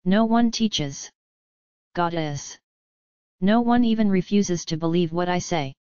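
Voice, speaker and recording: A woman reads as a distressed young noblewoman who pleads her case earnestly. The voice is very smooth and clear, pitched a little low. The sound is muffled and dry. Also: unhurried, warm tone, no echo, lightly acted. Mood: pleading. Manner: earnest, pleading formal speech.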